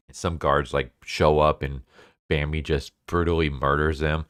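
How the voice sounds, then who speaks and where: A man recapping a comic book in a casual, relaxed way, chuckling often and talking loosely. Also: extremely low pitch, moderate pace, clean tone, no room sound, studio quality.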